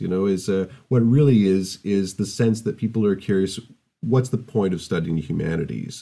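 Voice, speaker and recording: A man, a university lecturer, giving a recorded open day presentation in a thoughtful, measured way with frequent fillers and restarts. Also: deep voice, warm tone.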